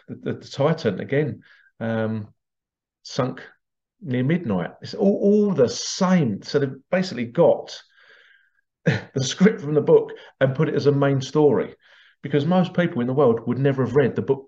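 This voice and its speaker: A man's voice: mid-range voice, expressive, normal speed, mellow. A man talking casually to his viewers in a rambling way, repeating words and chuckling between points. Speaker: vlogger. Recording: dull lo-fi sound.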